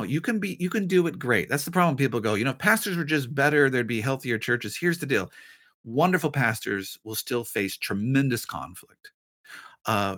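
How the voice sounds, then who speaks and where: A man's voice: mid-range voice, a bit bright. A middle-aged man, a pastor, giving an earnest, emphatic teaching talk on ministry and repeating his key lines.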